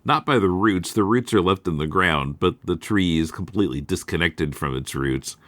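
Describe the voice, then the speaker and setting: Deep-voiced man, dry close sound. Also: fairly bright tone, no echo. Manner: measured, thoughtful, recounting in detail. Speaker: podcast host. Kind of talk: casual chat.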